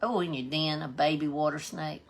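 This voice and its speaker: Low gravelly Southern woman chatting live. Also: moderate pace, a little hiss or hum. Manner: folksy and chatty, greeting viewers by name. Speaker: livestream host. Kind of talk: casual live-stream chat, reading out viewer comments.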